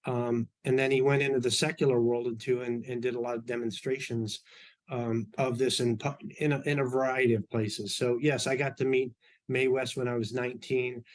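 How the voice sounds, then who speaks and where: A middle-aged man telling personal stories as an interview guest, relaxed and anecdotal with frequent fillers and restarts. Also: mid-range voice, moderate pace. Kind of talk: storytelling in an interview.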